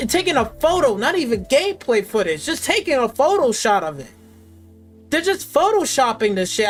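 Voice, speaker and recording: A woman streamer ranting with angry, sarcastic, profane commentary at her gaming PC. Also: sits high. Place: at a desktop gaming PC.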